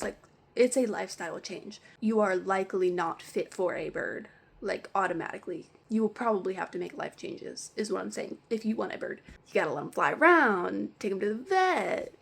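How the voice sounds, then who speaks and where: A woman vlogger telling a ranting storytime about her work, animated and full of "like". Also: medium pitch, vocal fry, slightly rough. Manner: animated, heavy use of "like". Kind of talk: storytime rant.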